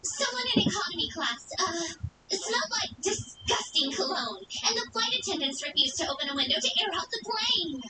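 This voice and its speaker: A woman's voice: extremely high pitch, sing-song, normal speed, crowd noise. A woman voicing a spoiled teenage girl in a cartoon, whiny and complaining. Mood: wistful. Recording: distant, roomy, noisy cartoon playback.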